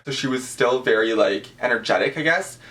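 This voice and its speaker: A man's voice: mid-range voice, brisk. A young man, telling a celebrity-meeting story in a casual vlog, gushing and full of fillers. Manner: gushing, animated, with many fillers. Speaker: vlogger.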